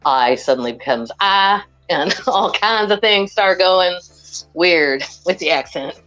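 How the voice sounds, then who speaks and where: A woman's voice: on the low side, animated, unhurried, fairly bright tone, lo-fi sound, faint music behind. A woman from Western Kentucky, a guest chatting casually on a video call and rambling with many restarts.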